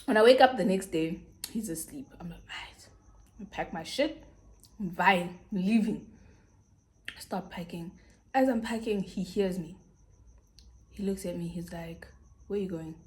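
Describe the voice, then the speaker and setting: South African woman telling a story, animated. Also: fairly low pitch, measured pace, pauses often. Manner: animated storytelling, acting out both sides of conversations. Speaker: YouTuber. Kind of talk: storytime vlog.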